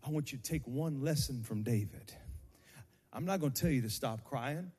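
A male pastor preaching a sermon to his congregation on a handheld microphone, building from slow teaching into shouted, sung cadences. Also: medium pitch, husky, big-room sound. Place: church sanctuary.

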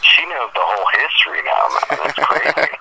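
A man in his thirties chatting casually on a podcast, telling rambling, animated stories full of fillers. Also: medium pitch, moderate pace, noisy background. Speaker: podcast co-host.

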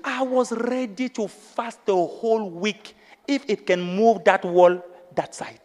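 A man preaching a passionate sermon as pastor, dropping low and quiet, then climbing to shouts. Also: fairly even intonation, takes it slowly, long reverb tail. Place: church.

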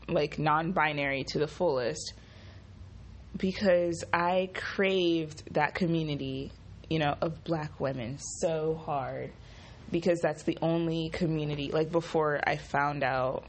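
A groggy young woman who just woke up, talking in a casual vlog with profane, animated, exasperated ranting. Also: sits low, a little hiss or hum. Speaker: vlogger.

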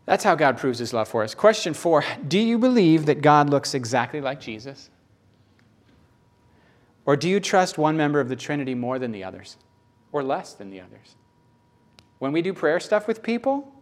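A man preaching a sermon, emphatic and repetitive, swinging between loud bursts and hushed lines. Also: a little high, sing-song, normal speed, long pauses.

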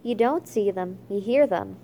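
A woman reading a children's chapter book aloud, halting often with fillers and restarts. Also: mid-range voice, expressive, warm tone, a little hiss or hum. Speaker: reader.

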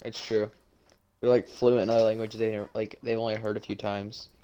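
A man's voice: lowish voice, level tone, a little fast, mellow, smooth. Young man, rambling and hesitant. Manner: rambling, hesitant, many likes and restarts. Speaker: podcast co-host. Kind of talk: casual chat.

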